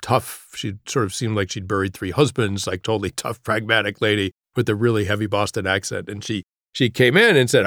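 Middle-aged male author, low voice, halting reflective storyteller, dry close sound. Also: dry recording. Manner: halting, reflective, drops to a hush at grave moments. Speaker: guest, author. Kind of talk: personal storytelling in an interview.

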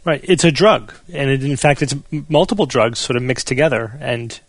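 A man's voice: mid-range voice, normal speed, no room sound. A man hosting an interview, agreeing briefly and steering the talk to the next topic. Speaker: interviewer host. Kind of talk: interview questions.

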